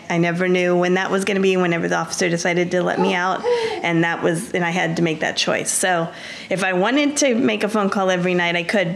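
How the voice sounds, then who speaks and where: A woman with a lowish, gravelly voice recounts her own past as an interview guest. She talks earnestly and plainly, often backing up to restart a sentence. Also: slight background noise. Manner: earnest storytelling with frequent restarts. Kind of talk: personal testimony.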